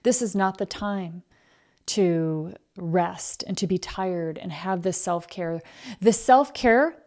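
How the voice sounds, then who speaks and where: A woman's voice: on the low side, slow, a little mellow. A woman hosting a podcast, giving a blunt, emphatic motivational talk about excuses and being busy. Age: adult, married. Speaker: podcast host.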